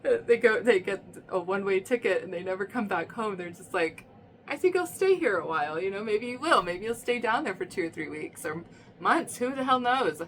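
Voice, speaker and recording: A woman's voice: medium pitch, fairly quick, fairly bright tone, a little hiss or hum. Chatty woman giving a tarot reading. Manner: chatty, repeats herself, frequent "okay?" and "right?". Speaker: tarot reader. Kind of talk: casual tarot reading monologue.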